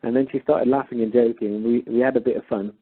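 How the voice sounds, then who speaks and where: A man retelling a phone call, acting out both sides of the dialogue with animated emphasis. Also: mid-range voice, quick pace, husky. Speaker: caller.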